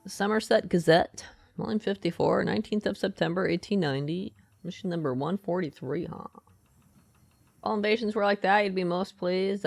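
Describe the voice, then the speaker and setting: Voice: medium pitch, moderate pace, vocal fry, no echo. A streamer giving live gaming commentary, chatty, thinking aloud and reading game text aloud. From United States.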